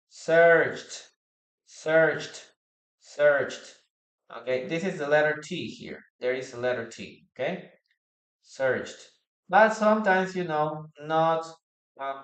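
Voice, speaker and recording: A man teaching English in a live online class, slowly repeating example sentences and stressing them to drill the correct pattern. He is a native Spanish speaker. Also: fairly high pitch, roomy sound. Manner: slow, repeats example sentences with raised emphasis.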